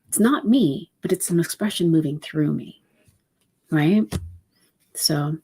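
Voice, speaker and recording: A woman giving a spiritual channeling talk as a numerology reader, speaking in a meandering, reflective and unhurried way with many soft fillers. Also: lowish voice, expressive, husky.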